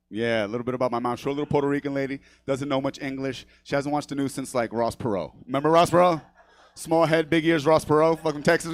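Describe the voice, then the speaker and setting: A man's voice: mid-range voice, fast, no echo. A man from New York who grew up speaking Spanish first, doing a brash, profane stand-up set on a comedy theater stage, laughing at his own jokes and asking "right?" after each line.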